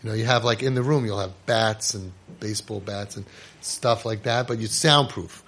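A man giving a casual spoken lecture as a parenting coach. He talks emphatically, repeats himself, restarts often and acts out quick exchanges. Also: on the low side, fairly bright tone. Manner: emphatic and repetitive, with many restarts and quick asides; acts out short exchanges between parents and kids.

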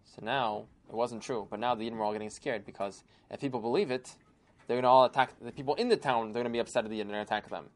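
Guy retelling an old tale, lively and punchy, average pitch voice. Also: quick pace. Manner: animated, lively retelling with sudden bursts. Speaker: storyteller. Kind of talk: oral storytelling.

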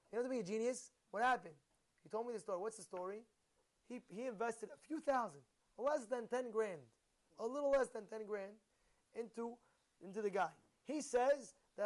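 A man's voice: sits high, fairly quick. A man speaking as a rabbi, delivering a sermon full of rhetorical questions and storytelling to his audience.

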